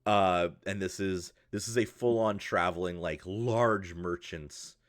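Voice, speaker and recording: A man's voice: sits low, a little slow, dry recording, clean studio sound. A man narrating as game master in a tabletop role-playing game, rambling descriptions full of fillers. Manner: rambling, many fillers and restarts.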